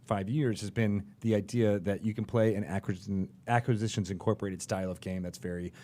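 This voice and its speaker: A man's voice: lowish voice, fairly even intonation, fairly quick, warm tone. A man in his forties hosting a podcast in a studio, explaining his points in a thoughtful, casual way. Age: 40s. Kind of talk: casual chat.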